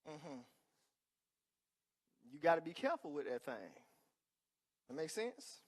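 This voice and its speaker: A male pastor preaching a sermon with emphatic call-and-response asides, swinging between loud declarations and quiet remarks. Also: fairly high pitch, sing-song, measured pace, slightly rough.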